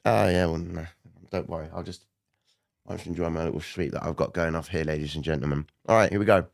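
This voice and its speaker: Gravelly-voiced man giving live market commentary. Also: low-pitched, steady tone, fast talker, dry recording, studio quality. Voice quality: gravelly, not his normal voice. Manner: chatty, addresses viewers directly, frequent "okay?" and "right?".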